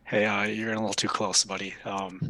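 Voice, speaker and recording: Man, tabletop player, low pitch, bright forceful tone, casual. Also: flat delivery, brisk, no room sound. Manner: casual, tentative, with fillers. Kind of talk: tabletop play chat.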